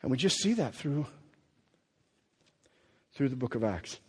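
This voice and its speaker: A male pastor preaching a sermon, telling the story with animated swings from quiet to loud. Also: mid-range voice, a little slow, husky. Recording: long hall reverb.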